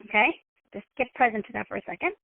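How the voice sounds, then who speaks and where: A woman wellness coach giving a motivational coaching talk, constantly checking in with her listeners and acting out scenarios in animated voices. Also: medium pitch, quick pace, gravelly, no room sound. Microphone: telephone. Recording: tinny phone line.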